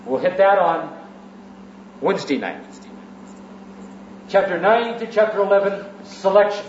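A man's voice: high-pitched, expressive, measured pace, slight background noise. A man preaching an evening sermon in a church, teaching in orderly sections and repeating key phrases for emphasis. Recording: roomy, muffled church recording.

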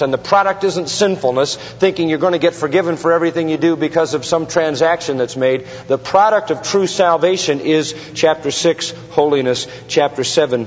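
A man preaches a sermon in a slow, deliberate cadence, hammering key words through repetition and tossing questions out to the congregation. His voice sits a little high for a man. The sound carries a long hall reverb and has a dull, lo-fi quality. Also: breathy edge. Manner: emphatic, rhetorical questions to the congregation, heavy repetition. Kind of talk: expository sermon.

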